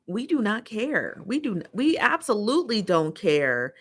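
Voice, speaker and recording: A woman's voice: medium pitch, big pitch swings, a little slow, breathy edge. An American woman hosting a casual livestream, reading viewer comments aloud and ranting in an exasperated, opinionated way, repeating herself for emphasis. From United States. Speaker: livestream host.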